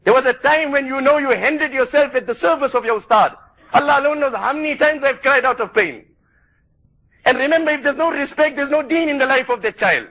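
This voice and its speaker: A man's voice: very high voice, a little fast, bright, forceful tone, low-quality recording. A man preaching a sermon to a gathering, fervent and emphatic. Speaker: Islamic preacher.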